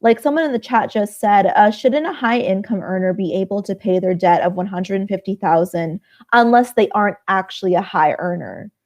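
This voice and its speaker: A woman's voice: medium pitch, normal speed, few pauses, darkish tone. Woman on a stream chat, blunt, kinda wry. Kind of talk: political talk chat.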